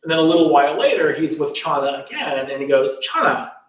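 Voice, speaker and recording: A man's voice: on the high side, animated, fast, recorded from a distance. A man telling a spiritual story in a loose, chatty way, in a temple hall.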